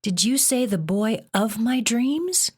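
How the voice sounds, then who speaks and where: A woman's voice: a little high, expressive, takes it slowly, husky, pitched above the performer's own voice, heavily acted. A woman reading an audiobook, voicing a frightened teenage girl who stammers and gasps. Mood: startled. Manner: breathless, stammering, startled. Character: anxious, trembling teenage girl.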